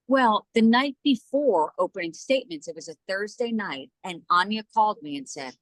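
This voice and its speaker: A woman from New Jersey, a news journalist and podcast guest, telling stories in a casual chat and acting out the quotes with lively voices. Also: medium pitch, moderate pace, few pauses, no room sound, rough recording. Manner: animated, acts out quoted dialogue in lively voices.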